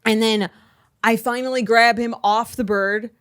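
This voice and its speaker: A young adult woman co-hosting a podcast, telling a rambling, animated story full of "like" in casual chat. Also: fairly high pitch, measured pace, clear, resonant tone. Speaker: podcast co-host.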